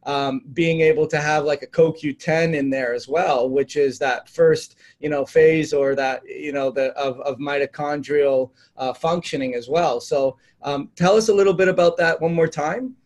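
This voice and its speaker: A man with a fairly high voice hosts a health interview. He asks long, winding questions full of "uh" and "you know". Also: steady tone, moderate pace, hardly any pauses, darkish tone. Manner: rambling questions with many fillers. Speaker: chiropractor host. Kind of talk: interview host chat.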